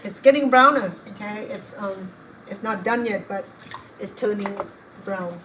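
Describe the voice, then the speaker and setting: Unhurried and fairly bright, a middle-aged home cook's mid-range voice carries her cooking channel as she wanders through digressive stories in her kitchen. The recording is low-quality, with the noise of running water.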